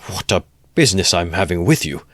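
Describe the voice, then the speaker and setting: A man's voice: low-pitched, animated, brisk, fairly bright tone, dry recording, studio quality. A man reading aloud as a sly, ironical middle-aged investigator, needling with good-humoured questions. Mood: teasing.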